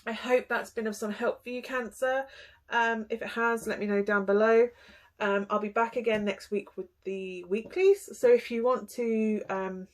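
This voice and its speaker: A young woman giving a casual tarot reading, chatty and animated, with frequent sighs and small gasps. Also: on the high side, moderate pace. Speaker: tarot reader.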